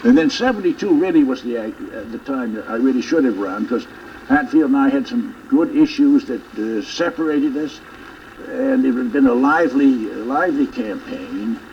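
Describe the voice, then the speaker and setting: A man's voice: mid-range voice, animated, normal speed, slight background noise. An older man, a former governor and author, telling reflective stories in an interview about his memoir. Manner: storytelling, reflective. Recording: dull, slightly distant broadcast audio.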